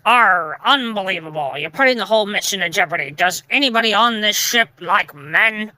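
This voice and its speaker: A woman's voice: medium pitch, lively intonation, moderate pace, bright, forceful tone, no echo, low-quality recording. A woman putting on a growling voice to play a bossy, impatient male pirate captain.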